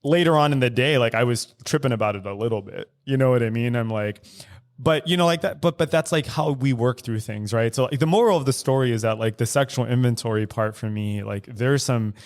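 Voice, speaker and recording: A man's voice: medium pitch, a little fast. Candid man telling a story, swearing. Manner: animated storyteller acting out quoted dialogue, frequent "like" and swearing. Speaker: podcast co-host. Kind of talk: candid casual chat. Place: studio recording.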